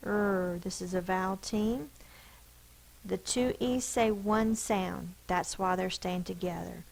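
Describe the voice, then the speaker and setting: Slow-talking teacher woman sounding out syllables. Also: medium pitch, steady tone, vocal fry, poor audio. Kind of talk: spelling lesson for children.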